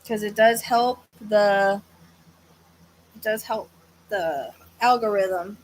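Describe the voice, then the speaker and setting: Slow-paced and mid-range in pitch, this woman is a psychic medium hosting a livestream at home with a fan on. She chats casually yet wearily, hesitating and rambling with many fillers, yawning now and then. The recording is rough, with slight background noise.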